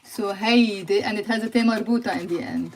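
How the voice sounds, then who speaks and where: A woman's voice: mid-range voice, rapid-fire, darkish tone, slight background noise. A young woman with a Lebanese accent teaches a live language lesson, quizzing viewers and moving between Arabic and English.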